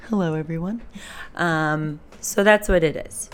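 A woman's voice: on the low side, a little slow, slight background noise. A young woman in her twenties talking candidly in a personal vlog, rambling and emotional, swearing freely. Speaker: vlogger. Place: Fort Lauderdale, Florida. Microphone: camera mic.

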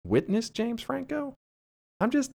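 A man's voice: very high-pitched, very animated, unhurried, gravelly, darkish tone. A man co-hosting a podcast in casual chat, sardonic and profane, with exaggerated complaints. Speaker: podcast co-host.

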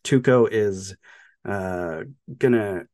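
A man's voice: on the low side, slow, a little mellow, no echo, clean studio sound. A man co-hosting a podcast, casually retelling a movie with lots of laughs and filler words. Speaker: podcast co-host.

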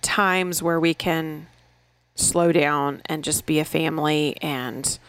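A woman's voice: low voice, fairly even intonation, slow, fairly bright tone, smooth, no echo. A middle-aged woman co-hosting a podcast, chatting casually with frequent restarts and easy laughter. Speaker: podcast co-host. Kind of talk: casual chat.

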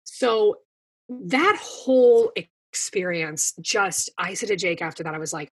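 A woman's voice: medium pitch, normal speed. A woman in her thirties, a podcast guest, telling a long story in casual chat with plenty of fillers. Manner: chatty storytelling with many fillers.

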